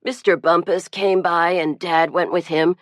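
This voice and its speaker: A woman's voice: fairly low pitch, steady tone, unhurried, no echo, clean studio sound, close to an everyday voice. A woman voicing a sulky, whining teenage boy in an audiobook. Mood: matter-of-fact. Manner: whining, complaining.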